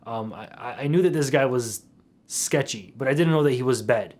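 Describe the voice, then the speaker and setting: A young man retelling a story for his vlog in an animated, slangy way. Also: medium pitch, normal speed. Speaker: YouTuber.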